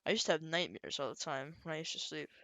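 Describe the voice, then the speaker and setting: A young man co-hosting a casual podcast chat, talking haltingly and trailing off with "so". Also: on the high side, gravelly, bright, forceful tone, dry recording. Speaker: podcast co-host.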